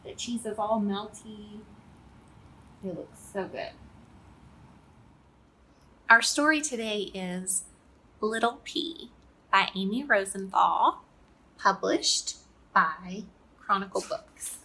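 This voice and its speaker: A woman running a kids' cooking lesson and reading a children's story aloud with an expressive storyteller's delivery. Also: mid-range voice, slow, long pauses, breathy edge. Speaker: cooking and reading teacher for kids.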